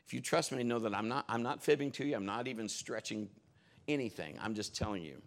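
A male pastor preaching a sermon at a church service, telling animated stories and laughing along the way. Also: mid-range voice, a little fast, gravelly. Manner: animated storytelling, laughing, exclamatory.

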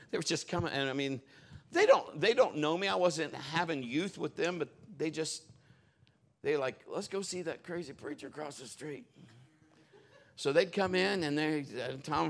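A male pastor preaching a sermon at a church service, telling animated stories and laughing along the way. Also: a little high, gravelly. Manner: animated storytelling, laughing, exclamatory.

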